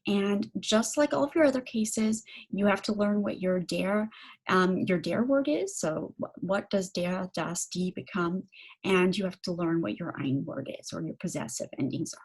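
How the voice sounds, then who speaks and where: A woman lecturing on German grammar, saying German example phrases slowly and then giving them in English, with frequent ums. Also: medium pitch, breathy edge. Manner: slow, deliberate explanations with frequent fillers. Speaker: German language instructor.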